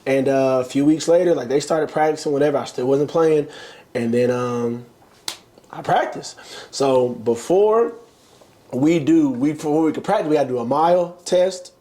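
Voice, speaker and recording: Young guy spinning a story, kinda high voice, jumps way up when he quotes people. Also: moderate pace. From United States. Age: young adult. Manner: animated storyteller, acts out quotes with big pitch jumps. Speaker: interview guest, former college basketball player. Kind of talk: casual storytelling chat.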